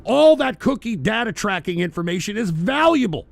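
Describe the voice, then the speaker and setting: A heated, profane male talk-radio host with a high, gravelly voice that swings wildly up and down. He rants hard into a dry, close mic. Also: very animated, normal speed, dry recording. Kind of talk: political talk radio rant.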